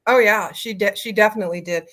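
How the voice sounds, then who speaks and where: A woman guest in an interview, telling family stories in a chatty, animated way with many fillers. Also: medium pitch, quick pace. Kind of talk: casual storytelling.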